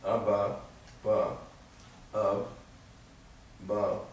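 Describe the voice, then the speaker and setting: Slow, careful, low-voiced student, man. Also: level tone, a little mellow, slight background noise. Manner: slow, careful, hesitant reading. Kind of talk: reading aloud in class. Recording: echoey room, far from mic.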